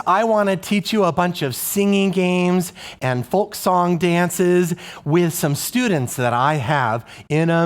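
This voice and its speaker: A male elementary music teacher explaining a singing game to other teachers, asking the viewer questions and chanting rhythm syllables. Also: on the high side. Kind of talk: instructional video for music teachers.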